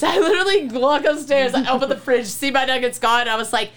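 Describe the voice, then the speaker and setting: A young woman co-hosting a podcast, telling profane, animated stories in casual chat. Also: sits high, normal speed. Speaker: podcast co-host.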